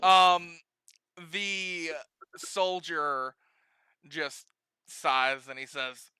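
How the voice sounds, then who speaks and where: A man narrating as game master of a tabletop game, relaxed, laughing often and swearing casually. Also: on the high side, drawn-out words, pauses often, clear, resonant tone, no echo.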